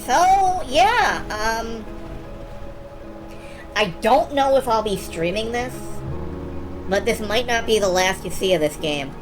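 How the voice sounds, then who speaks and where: A woman's voice: on the high side, expressive, slow pace, long pauses, music in the background. A woman streamer giving casual live commentary while playing a game demo, wry and enthusiastic, swearing freely and thinking aloud.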